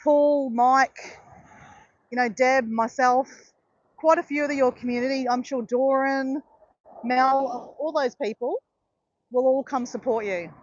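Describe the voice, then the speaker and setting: A woman's voice: high-pitched, steady tone, takes it slowly, long pauses, lo-fi sound. An Australian woman hosting a casual livestream, chatting with viewers in a rambling, encouraging way full of fillers. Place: outdoors in southeast Queensland.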